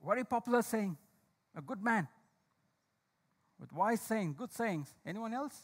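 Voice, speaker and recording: A male preacher with a very high voice delivers a sermon. He asks the congregation questions and calls on people by name. He slows right down to press home each key line. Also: expressive, breathy edge. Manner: slow, emphatic delivery of key lines. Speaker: pastor.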